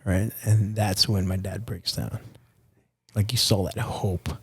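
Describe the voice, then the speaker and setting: A man's voice: on the low side, fairly even intonation, takes it slowly, slightly rough, dry recording. A young man from Nicaragua, a podcast guest telling a personal story in a candid, profane, casual way. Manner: candid and profane, addresses host as dude and bro.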